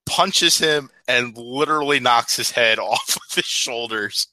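A man's voice: mid-range voice, unhurried, sharp tone, no room sound, poor audio. A man co-hosting a casual movie review podcast, speaking bluntly and laughing often. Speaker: podcast co-host.

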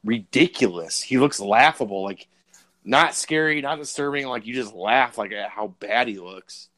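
A man co-hosting a movie podcast, talking casually with wry, profane humor. His voice sits at an ordinary pitch. The recording is dry and close, with no room sound. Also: normal speed, fairly bright tone, no echo. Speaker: podcast co-host. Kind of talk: casual movie review chat.

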